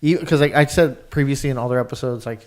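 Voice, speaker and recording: A man's voice: medium pitch, fast. A man co-hosting a podcast, rambling casually about a show, trailing off and swearing often. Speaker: podcast co-host. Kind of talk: casual recap chat.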